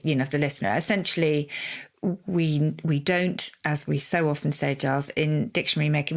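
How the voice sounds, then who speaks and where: A middle-aged woman explains word origins on a podcast with evident delight. Her voice sits low, and she tumbles through colorful synonyms and quick asides. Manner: relishes words, explains with gusto and quick asides. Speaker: co-host, word expert.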